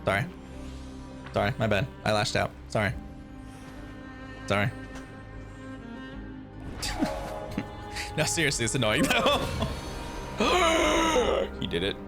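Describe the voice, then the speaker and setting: A man streaming a reaction to a game, talking casually with animated, exasperated outbursts. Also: mid-range voice, slow pace, long pauses, over music.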